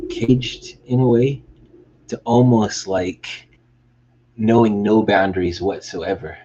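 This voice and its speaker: A man's voice: on the low side, dull audio, a little hiss or hum. A man rambling casually on a behind-the-scenes vlog about his business merch, hyped and swearing now and then. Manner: rambling, hyped, swearing, bursts into excited yelling. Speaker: small business owner showing merch.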